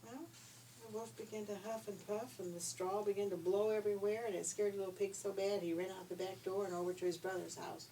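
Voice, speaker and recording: A woman's voice: medium pitch, fairly even intonation, brisk, dark tone. An older woman reading a children's story aloud in a homey, chatty storytelling way. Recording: distant mic, faint hiss.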